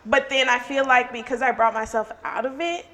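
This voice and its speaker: Podcast co-host, woman, fairly high voice, candid and a bit defensive. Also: steady tone, brisk, a bit bright. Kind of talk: casual chat.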